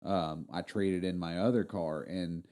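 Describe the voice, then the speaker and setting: A man's voice: low voice, steady tone, a little slow, dark tone. A man co-hosting a casual podcast, talking in a laid-back, rambling way with lots of fillers. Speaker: podcast co-host. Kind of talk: casual chat.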